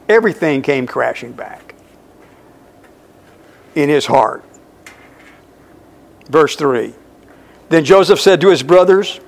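A man preaching a sermon, walking his listeners verse by verse through scripture. He speaks slowly, leaning hard on key words and repeating them for weight. His voice sits a little high for a man. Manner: slow, emphatic Bible exposition. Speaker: pastor.

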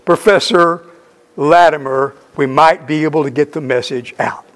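A man's voice: on the high side, normal speed, fairly bright tone, voice pushed down, lightly acted. A man voicing two scheming young male college students, eager and conspiratorial.

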